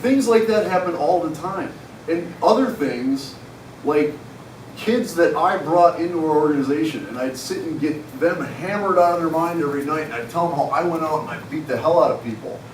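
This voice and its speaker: A man in his forties, his voice a little high, shares a personal story with a conference audience, speaking candidly and poking fun at himself in a conversational style. The mic sits at a distance in an echoey hall, and there's a little hiss or hum.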